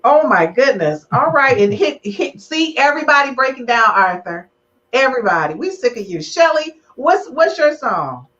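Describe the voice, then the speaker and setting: A woman hosts a relationship podcast with a slightly high voice. She teases her guests and gets emotional. The audio is dull and lo-fi, like a live stream. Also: moderate pace. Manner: animated, teasing, emotional. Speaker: podcast host. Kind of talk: lively relationship podcast chat.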